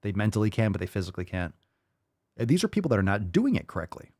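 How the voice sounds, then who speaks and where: A podcast host giving blunt, mocking reaction commentary, often profane. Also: male voice, on the low side, big pitch swings, quick pace, a little mellow, dry recording, clean studio sound.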